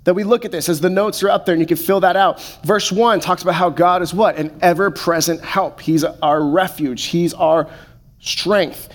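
A man in his thirties preaching a sermon, slowing to soft, deliberate pauses on key phrases. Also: sits high, fairly even intonation. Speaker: pastor.

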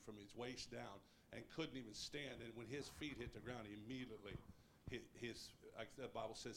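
Male preacher, mid pitch, emphatic, light rumbling noise behind. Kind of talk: sermon.

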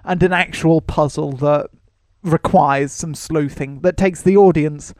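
A man's voice: on the high side, steady tone, a little slow, a little mellow, no echo, clean studio sound. A man hosting a casual podcast about films, rambling with frequent laughs and restarts. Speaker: podcast host. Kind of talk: casual film-review chat.

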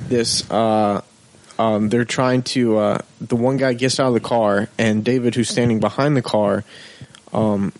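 A man's voice: lowish voice, measured pace, dry recording. A man telling a rowdy bar story in casual chat, acting out voices, with lots of swearing. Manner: animated, profane, acts out quotes.

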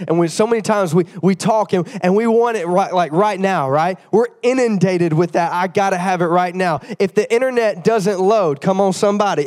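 A young man preaching a sermon, telling a story with lively call-outs to the congregation, tired after the flu. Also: sits high. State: tired, getting over the flu. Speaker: pastor.

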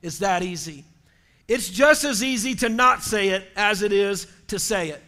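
Male pastor, fervent sermon delivery that climbs into shouts, high-pitched and bright. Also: animated, moderate pace. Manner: impassioned preaching, rising to shouts.

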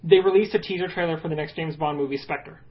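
A man co-hosting a podcast in casual, joking banter, animated and swearing now and then. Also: a little high, quick pace, highs cut off. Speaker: podcast co-host. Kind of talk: casual chat.

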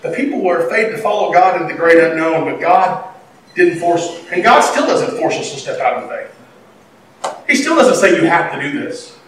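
A man preaching a sermon, animated, swinging between loud and quiet. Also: a little high, normal speed, slight background noise. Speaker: pastor. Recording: echoey hall, mic at a distance.

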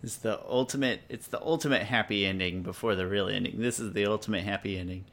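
Low-voiced man in playful chat. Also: quick pace, a bit bright. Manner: playful, then thoughtful, with fillers. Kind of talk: casual chat discussing a show.

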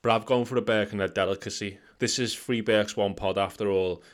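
A man, a podcast co-host who swears loudly and indignantly in casual banter. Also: fairly low pitch, steady tone, brisk.

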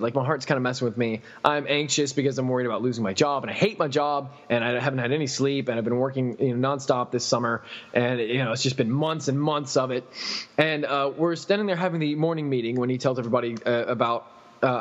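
A man casually retelling a story, swearing and laughing as he acts out the people in it. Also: mid-range voice. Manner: laughing, profane, animated retelling. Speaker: podcast storyteller. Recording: dull recording with long reverb.

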